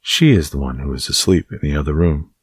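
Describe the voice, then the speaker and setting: A man voicing a shy, sickly boy who speaks softly and sleepily, in a storybook reading. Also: a bass voice, fairly quick, husky, no room sound. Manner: soft and sleepy.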